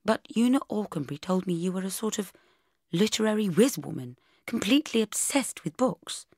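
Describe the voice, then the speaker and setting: A woman's voice: medium pitch, expressive, fairly quick, a little mellow, no room sound, clean studio sound, voice pushed up. A woman reading an audiobook, voicing an awkward, reserved grown man who speaks in a hesitant, clipped and slightly cross way. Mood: earnest.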